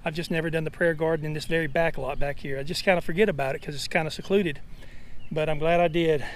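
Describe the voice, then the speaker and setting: Out of breath and overheated in a church back lot, a high-voiced, folksy man who metal-detects and preaches narrates his outdoor vlog quickly and steadily, chatting along with lots of fillers. Faint outdoor noise is audible.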